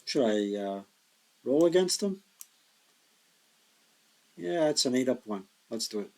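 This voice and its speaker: A tired, yawning man plays a board wargame by himself, muttering his thoughts slowly as he counts hexes and works out dice rolls. His medium-pitched, darkish voice has lively intonation, and the recording is rough.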